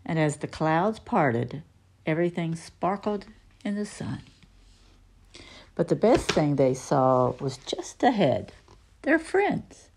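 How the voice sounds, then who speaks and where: A woman reading a children's book aloud in an expressive way. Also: low-pitched, slow pace. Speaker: storybook reader.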